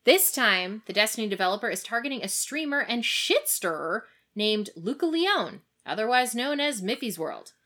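Sassy, lively woman news co-host. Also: fairly high pitch, moderate pace, few pauses. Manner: sassy, emphatic, swears, bursts of laughter. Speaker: podcast co-host. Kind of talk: casual news chat.

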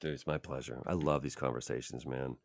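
Very deep-voiced man giving earnest advice. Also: steady tone, fairly quick, no echo, studio quality. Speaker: voice actor, podcast guest. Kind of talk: reflective interview talk.

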